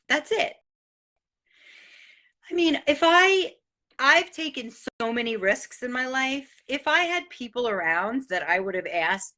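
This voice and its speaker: This New York host, a middle-aged woman, delivers life advice in a casual motivational monologue aimed straight at her audience. Her high, bright, forward voice moves unhurriedly, yet she stays excitable and animated, cursing liberally and never holding back.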